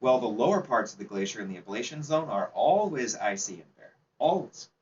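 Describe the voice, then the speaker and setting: A man's voice: medium pitch, expressive, fairly quick, a little mellow. Man teaching a club seminar from afar. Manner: chatty, asks the audience questions, laughs easily. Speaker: seminar presenter. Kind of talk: informal slide presentation to a club audience. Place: meeting room. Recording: distant, dull, faint background noise.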